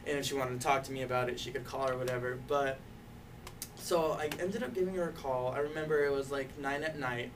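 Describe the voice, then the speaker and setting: Speaking briskly in a steady, mid-range voice, a young man working as a youth activist intern shares the story of his coming out. He keeps it casual, sprinkling in "like," "you know," and small laughs. It's recorded on a distant mic with a bit of background noise.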